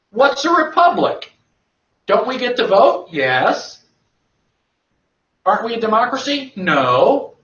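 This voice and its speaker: A man's voice: very high-pitched, a bit bright. A man giving an emphatic lecture to an audience, firing rhetorical questions and answering them himself. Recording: echoey, distant, dull lo-fi.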